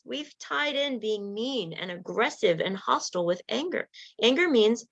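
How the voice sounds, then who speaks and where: A woman's voice: mid-range voice, expressive, unhurried, no room sound. A woman life coach teaching a self-help workshop in an earnest, conversational, encouraging way. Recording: slightly muffled, dull sound.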